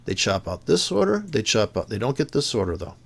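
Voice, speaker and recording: A man's voice: on the low side, big pitch swings, fairly quick, creaky. A man ranting in a profane, sarcastic way while walking through trading charts, having just woken up irritated. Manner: angry, sarcastic, swearing, jumps between shouts and mutters. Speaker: forex trading vlogger.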